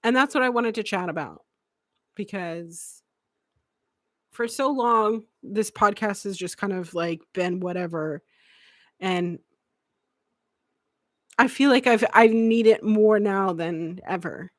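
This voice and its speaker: A woman's voice: medium pitch, slow, long pauses, no room sound, studio quality. A woman hosting a live podcast, speaking candidly and emotionally and swearing freely. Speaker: podcast host.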